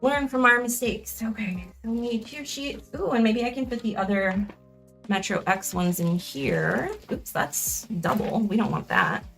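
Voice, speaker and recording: A woman's voice: a little high, unhurried, creaky, a bit bright, soft background music. A young woman streaming a crafting session in casual chat, rambling, correcting herself and laughing often.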